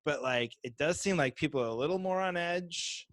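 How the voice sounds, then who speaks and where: Married guy cohosting a podcast, kinda high voice, goofs around doing mock voices, dead dry mic. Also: normal speed, dry recording. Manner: animated, acts out mocking voices. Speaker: podcast co-host. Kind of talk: casual chat.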